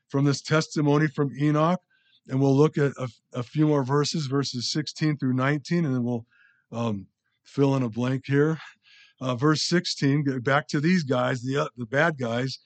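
A man preaching a casual, conversational Bible-study sermon, self-deprecating and often restarting his sentences. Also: medium pitch. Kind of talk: sermon teaching.

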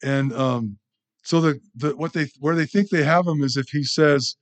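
A man's voice: mid-range voice, normal speed. A man teaching a sermon in a conversational way, often asking the audience questions. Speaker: pastor.

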